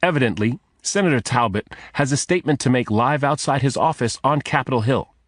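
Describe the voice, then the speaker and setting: A man's voice: mid-range voice, brisk, dry recording, studio quality, pitched above the performer's own voice, close to an everyday voice. A man voicing a television news anchor, speaking urgently and emphatically.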